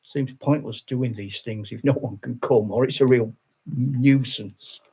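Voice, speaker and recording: A man's voice: mid-range voice, a little slow, warm tone, husky. An older retired man, a channel host, chatting casually on a live stream, rambling with restarts and laughing often.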